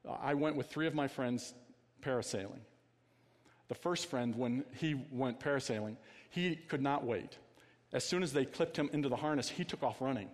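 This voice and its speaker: Male pastor, conversational sermon delivery, asks the congregation questions, goes quiet for emphasis; reverberant sanctuary sound. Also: mid-range voice, moderate pace.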